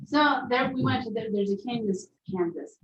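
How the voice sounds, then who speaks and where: Rambling woman, higher voice. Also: moderate pace, recorded from a distance, noisy background. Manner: rambling, trails off. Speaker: guest taster. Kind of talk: casual chat. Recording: dull, echoey audio from off-mic.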